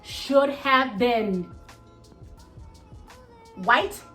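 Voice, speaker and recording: A woman's voice: on the high side, drawn-out words, a bit bright, faint music behind. A woman vlogger giving blunt, emphatic opinion commentary, often tagging points with "okay?".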